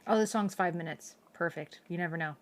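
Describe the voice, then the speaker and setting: A young woman streaming a video game who comments in an excitable, chatty way and talks to her chat. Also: fairly low pitch, fairly quick. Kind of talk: casual live-stream commentary.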